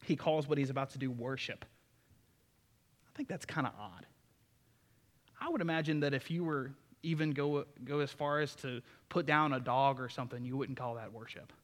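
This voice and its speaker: A man's voice: medium pitch, moderate pace, in a large hall. A man preaching a sermon in a folksy, enthusiastic way, with asides to the congregation. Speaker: pastor.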